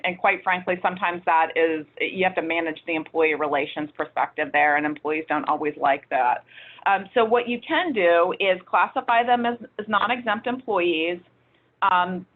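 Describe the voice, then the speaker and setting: Low-voiced woman explaining over tinny audio. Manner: practical, conversational, with frequent "um" and restarts. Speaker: webinar presenter. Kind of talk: webinar explanation.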